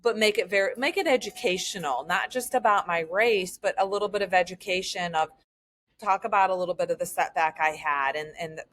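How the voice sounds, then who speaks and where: A woman's voice: lowish voice, a little fast, fairly bright tone. A woman triathlete in casual conversation, talking openly and emotionally about her racing. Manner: open, emotional, rambling. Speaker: triathlete guest and former podcast co-host.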